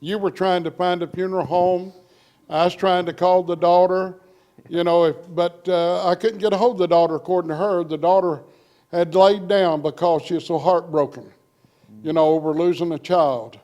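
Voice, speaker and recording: A man in a church class telling a casual story, halting with fillers. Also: high voice, fairly even intonation, warm tone. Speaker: class member. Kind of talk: casual anecdote.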